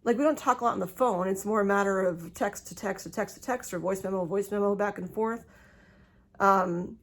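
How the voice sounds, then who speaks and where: A middle-aged woman chats into her phone from home in a loose, unscripted way. She laughs easily and trips over her words as she goes. Her voice sits at a middle pitch for a woman. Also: fairly quick. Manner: chatty, laughs often, talks with restarts. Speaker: vlogger. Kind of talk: casual personal vlog. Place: home, indoors.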